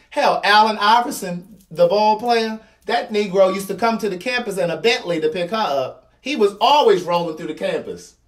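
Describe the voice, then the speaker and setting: A man's voice: sits high, fairly bright tone, far from the mic. A man in his thirties with a Baltimore accent, giving a blunt, slangy commentary monologue, repeating points for emphasis. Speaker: vlogger.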